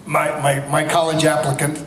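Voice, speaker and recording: A man's voice: a little high, moderate pace, a little hiss or hum. Man telling stories to a crowd. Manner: animated anecdote with acted-out dialogue. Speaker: convention panel guest. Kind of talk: storytelling to a live audience. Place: large convention hall. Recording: echoey hall with a crowd. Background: audience murmur and laughter.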